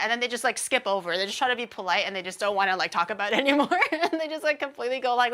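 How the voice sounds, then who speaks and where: Bright, higher-voiced woman streamer chatting. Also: fast. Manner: animated storytelling, laughs often, mimics people. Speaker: VTuber streamer. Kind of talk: casual stream chat.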